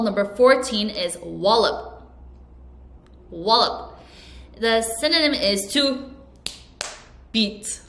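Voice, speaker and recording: A woman's voice: mid-range voice, a bit bright, roomy sound, slight background noise. A woman teacher giving an English vocabulary lesson, who explains each word and has learners repeat sentences after her.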